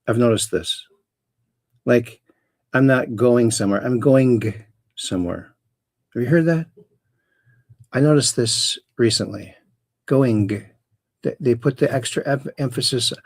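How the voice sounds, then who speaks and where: A middle-aged man hosts a casual livestream, rambling through dad jokes and reading out viewers' chat greetings. His voice sits at an ordinary pitch. The sound is close and dry. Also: no room sound. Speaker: host. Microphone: close camera mic.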